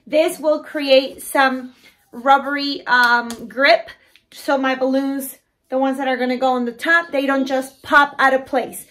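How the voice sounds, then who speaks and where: A woman's voice: sits high, flat delivery, a little slow, fairly bright tone. A woman giving a DIY tutorial as a balloon decorator, chatting to viewers and gushing over her work. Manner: chatty, keeps addressing viewers as "you guys".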